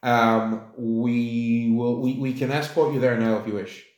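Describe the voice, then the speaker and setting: A man's voice: mid-range voice, flat delivery, unhurried, darkish tone, reverberant, pitched below the performer's own voice, close to an everyday voice. A man voicing a polite, deferential palace guard colonel in a tabletop game. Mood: reassuring. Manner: deferential, hesitant.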